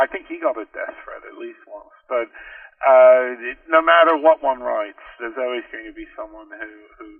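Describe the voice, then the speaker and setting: A man's voice: mid-range voice, no echo, recorded from a distance, narrow, tinny audio. A man giving a rambling, casual radio interview over the phone, restarting often as he talks about reviewing films. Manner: rambling, frequent restarts and fillers. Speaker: interview guest, film reviewer.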